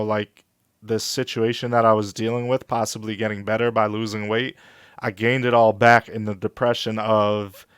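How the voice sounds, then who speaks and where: Candid man, smooth flat voice. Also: mid-range voice, dry recording, clean studio sound. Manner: candid, halting, emotional retelling. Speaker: vlogger. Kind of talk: personal storytelling vlog.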